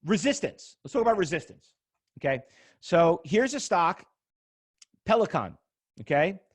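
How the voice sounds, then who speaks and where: A middle-aged man giving an excitable, emphatic live seminar on stock trading, often repeating words as he acts out arguments. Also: sits high, unhurried. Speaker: trading instructor presenting at an expo. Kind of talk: animated live seminar talk to an audience.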